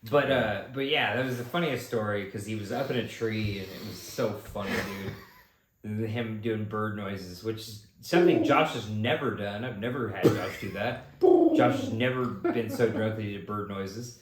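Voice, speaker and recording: A young man co-hosting a podcast, telling stories casually and animatedly, shooting his voice up when acting out shouts. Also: moderate pace, crowd noise. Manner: animated storyteller, jumps high when imitating shouts. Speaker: podcast co-host. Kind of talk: casual chat. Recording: echoey room with faint background noise.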